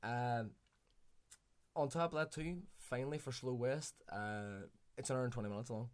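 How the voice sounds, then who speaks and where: A man's voice: mid-range voice, normal speed. A man chatting casually on a podcast, enthusiastic and swearing now and then. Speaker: podcast co-host reviewing films. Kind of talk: casual chat.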